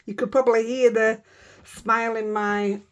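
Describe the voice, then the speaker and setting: A woman with a Yorkshire accent, a crafting vlogger chatting excitedly and rambling through a casual show-and-tell. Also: fairly high pitch, moderate pace. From Yorkshire, England.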